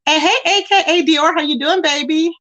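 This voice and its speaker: Woman, streamer host, casual and chatty, reads viewer comments aloud, voice on the high side. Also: moderate pace, a bit bright. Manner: chatty, greets viewers with terms like baby and child. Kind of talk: casual live-stream chat reading comments.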